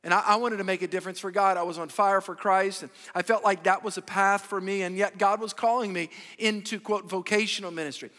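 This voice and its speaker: A man's voice: high-pitched, steady tone, fairly quick, few pauses, a bit bright. A middle-aged male pastor preaching a sermon in an earnest way, repeating key phrases for emphasis. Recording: long hall reverb.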